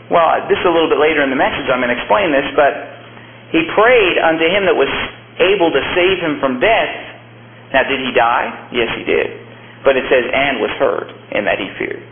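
Man preaching hard, kinda high voice, tinny noisy church recording. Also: lively intonation, brisk, reverberant. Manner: emphatic, voice jumps up to stress points. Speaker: pastor. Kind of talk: fiery preaching sermon.

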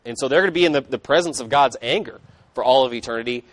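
A man's voice: medium pitch, fast talker, no echo. A man preaching a sermon, emphatic, with casual conversational asides between scripture readings. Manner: emphatic, conversational asides, rising and falling intensity.

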